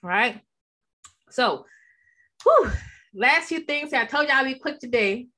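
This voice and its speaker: A woman's voice: high voice, expressive, slow pace, bright, forceful tone. A woman teaching from the Bible in a preaching style, leaning hard on repeated key words and calling out to her listeners as she speaks into a microphone.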